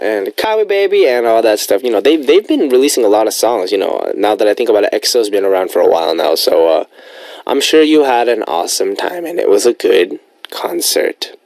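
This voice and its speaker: A man's voice: on the low side, animated, fairly quick, a little mellow, dry recording. A young man hosting a radio show in a studio, chatting casually and rambling playfully between listener messages. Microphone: studio microphone.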